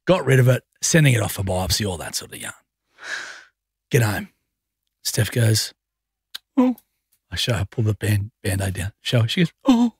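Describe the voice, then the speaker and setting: A man's voice: fairly low pitch, animated, moderate pace, pauses often, breathy edge, no room sound, clean studio sound. A man hosting a radio show, telling a funny story about home with self-mocking banter. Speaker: radio host. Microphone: studio mic.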